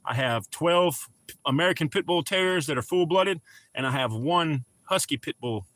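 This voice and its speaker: Middle-aged male streamer, slightly high voice with a bright edge, easygoing chat with viewers. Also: animated, moderate pace. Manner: laid-back, chatty, greets viewers by name. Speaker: livestream host. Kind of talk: casual livestream chat.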